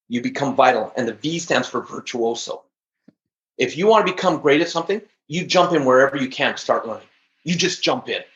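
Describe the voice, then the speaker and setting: A man speaking as a guest on an interview podcast, telling stories with high energy and emphasis. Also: a bit bright. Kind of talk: interview conversation. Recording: echoey, dull lo-fi audio.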